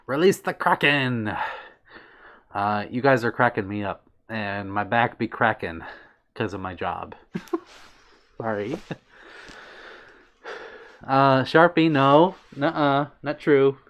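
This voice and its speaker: A man's voice: mid-range voice, slow pace, pauses often, a bit bright. Giggly, bashful man streamer. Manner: playful, giggly, bashful about compliments. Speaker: livestream host. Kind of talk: casual chat reading out viewer comments.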